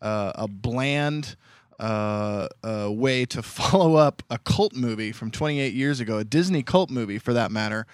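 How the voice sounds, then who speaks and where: A young man co-hosting a podcast, talking casually and hesitantly with many pauses. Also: mid-range voice, smooth, dry recording, clean studio sound. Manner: hesitant, full of fillers. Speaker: podcast co-host. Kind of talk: casual chat.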